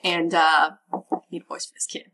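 A woman narrating as game master of a tabletop role-playing game in a relaxed, chatty way. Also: on the low side, moderate pace, distant mic.

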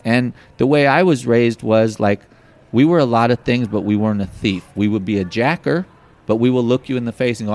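A man telling a personal story in an interview, animated and acting out the voices of the people in it. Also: medium pitch, fairly quick. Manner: animated, acts out quoted voices. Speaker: guest.

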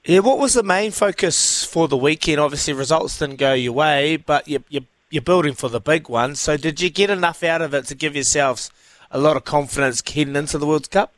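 Laid-back kiwi radio host, dry sound. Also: male voice, fairly high pitch, fairly quick, a bit bright, dry recording. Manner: laid-back, chatty, slangy. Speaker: radio sports show host. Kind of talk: casual radio sports chat.

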